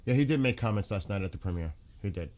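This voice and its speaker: A man's voice: lowish voice, expressive, quick pace, a little mellow. A man hosting a casual livestream, reading viewer comments aloud and answering them while he looks things up online. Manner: reads viewer comments aloud and responds, searching websites while talking. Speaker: livestream host reading chat.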